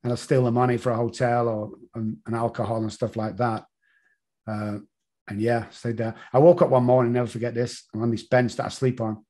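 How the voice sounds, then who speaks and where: Confessional man, halting. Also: mid-range voice, level tone, dark tone. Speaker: guest. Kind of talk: personal story in an interview.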